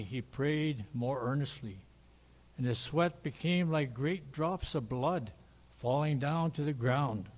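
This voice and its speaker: A man reads scripture aloud at a measured, deliberate pace. His voice sits at an ordinary pitch and carries the long reverb of a large hall. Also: darkish tone. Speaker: scripture reader.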